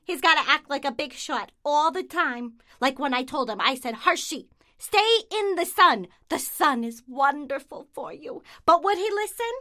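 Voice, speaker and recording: A woman's voice: high voice, expressive, moderate pace, pushed and bright. A woman voicing an exasperated, nagging mother olive in a comic ad. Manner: nagging, kvetching. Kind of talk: comic ad voice-over.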